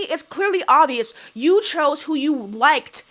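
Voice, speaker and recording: A woman's voice: high-pitched, expressive, slow, fairly bright tone. A young woman giving a blunt, sassy recap of a reality show, swearing freely and firing off rhetorical questions. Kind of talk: casual opinionated recap.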